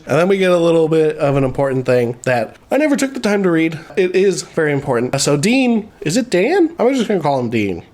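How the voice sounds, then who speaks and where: A man's voice: fairly high pitch, a little mellow. A man recapping a movie plot in a casual, rambling and profane way. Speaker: movie reviewer.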